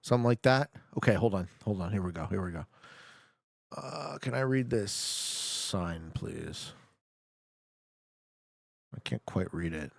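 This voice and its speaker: Animated gravelly-voiced man streaming a game. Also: deep voice, measured pace, pauses often, dry recording, clean studio sound. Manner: joking, talks back to his chat. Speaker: streamer playing a geography guessing game. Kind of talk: casual live gameplay commentary.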